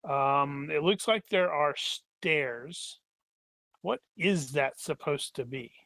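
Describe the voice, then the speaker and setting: A man's voice: fairly high pitch, slow, gravelly, sharp tone, dry recording. A man playing a tabletop game, joking and thinking aloud in a playful way. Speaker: player.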